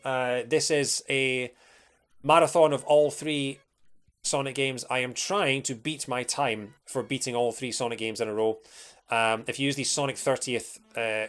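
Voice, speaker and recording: A young Scottish man talks off the cuff during a gaming livestream. He rambles, restarts his sentences and fills the gaps with ums and uhs, and his pitch sits in an ordinary middle range. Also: steady tone, normal speed. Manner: rambling, chatty, many fillers and restarts. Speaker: streamer. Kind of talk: casual livestream chat while playing.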